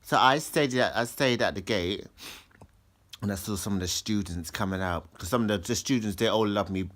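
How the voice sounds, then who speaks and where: A man with a lowish, slightly bright voice rambles through a story at a moderate pace during casual conversation. His telling is full of restarts, and he performs others' quotes in raised voices.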